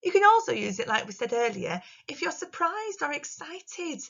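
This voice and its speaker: A woman's voice: high-pitched, very animated, normal speed, vocal fry, fairly bright tone. Female primary teacher, recorded lesson for little ones, bouncy sing-song delivery, muffled lo-fi sound. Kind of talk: recorded remote lesson for young children.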